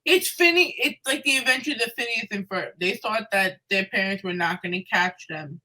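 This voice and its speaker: A woman co-hosting a wrestling podcast, chiming in with excitable reactions and jokey asides. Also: mid-range voice, normal speed, poor audio. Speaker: podcast co-host. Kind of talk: casual wrestling chat.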